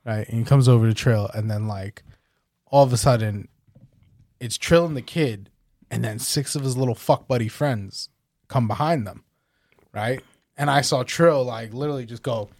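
A young man, telling stories in a casual chat, animated and swearing a lot. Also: mid-range voice, moderate pace, long pauses, no room sound, studio quality. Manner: animated storytelling, heavy swearing. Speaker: podcast co-host.

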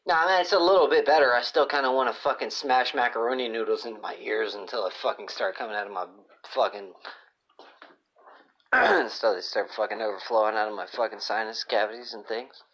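A man's voice: lowish voice, steady tone, fairly quick, a bit bright. A man doing a crude, rambling comedic podcast monologue, swearing constantly and sounding moody. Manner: profane, moody, rambling rants. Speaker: podcast host. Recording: dull lo-fi phone app recording.

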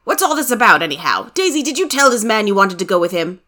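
A woman's voice: mid-range voice, very animated, fast talker, pushed and bright. A woman reading the part of a bewildered, indignant husband who blusters and demands answers.

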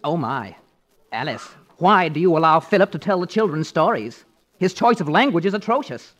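An actor playing a fussy, snobbish brother-in-law with a prissy, affected way of talking, in 1940s radio comedy. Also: male voice, fairly high pitch, very animated, normal speed, a bit bright. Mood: condescending.

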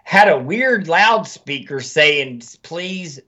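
A man hosts a casual podcast chat and rants with heavy swearing. His voice sits a little high and swings widely. The audio is dull and lo-fi. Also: unhurried. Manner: animated, profane ranting.

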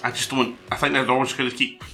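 A man's voice: medium pitch, flat delivery, quick pace, pushed and bright, soft background music. A man on a casual group podcast, giving blunt, jokey opinions. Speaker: podcast co-host.

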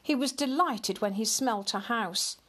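A woman reading a picture storybook aloud in a slow, expressive storyteller manner. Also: on the high side.

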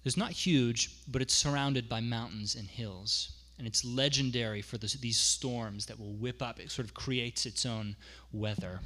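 A man delivers a sermon from the pulpit in an easygoing, explanatory way. His voice is bright and forceful at a middling pitch. He leans on repetition to drive points home. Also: fairly even intonation, unhurried, hardly any pauses. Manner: conversational, explains with asides and repeats for emphasis. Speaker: pastor.

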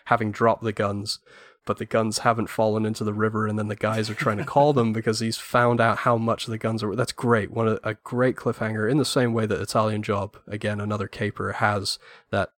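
A man's voice: on the low side, little pitch movement, fairly quick, fairly bright tone, no echo, clean studio sound. A man guesting on a film podcast, talkative and enthusiastic, giving strong opinions at length. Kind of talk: casual film podcast chat.

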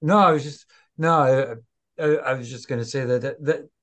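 A man at an ordinary middle pitch who speaks earnestly. His sentences stop and restart often as he works out what he wants to say. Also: fairly bright tone. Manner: earnest, halting with repeated starts. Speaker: podcast co-host, former referee. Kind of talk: casual podcast chat.

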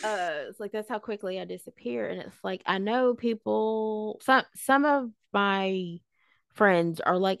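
A young woman co-hosting a podcast, talking casually in a rambling, animated way and acting out what people said. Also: mid-range voice, unhurried, creaky, no room sound, studio quality. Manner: rambling, animated, acts out quoted voices. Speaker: podcast co-host. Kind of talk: casual chat.

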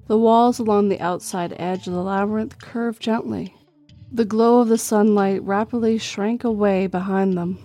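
A woman reading a horror story in a slow, measured storytelling way. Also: mid-range voice, mellow. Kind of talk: scripted horror narration.

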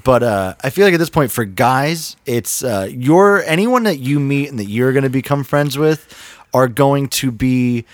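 A man's voice: mid-range voice, lively intonation, normal speed, no room sound. A man in his late twenties co-hosting a podcast in casual chat, rambling and cursing with many restarts. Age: 20s. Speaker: podcast co-host.

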